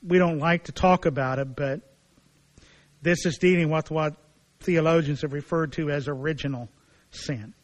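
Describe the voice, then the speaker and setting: Man preaching, slightly high voice. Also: moderate pace, rough recording. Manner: animated preaching, acting out voices of biblical figures. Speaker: pastor. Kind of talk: sermon.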